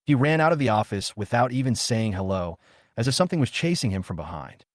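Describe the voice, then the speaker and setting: A man narrating a first-person story recap in a calm, steady storytelling manner. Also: medium pitch, quick pace, dry recording, clean studio sound.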